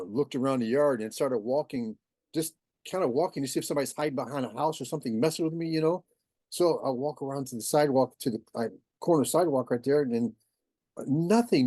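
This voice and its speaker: Man telling a story, lively, acts out the voices; mellow tone, dry sound. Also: fairly high pitch, no echo. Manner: animated, acts out quoted voices. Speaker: guest. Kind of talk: casual storytelling.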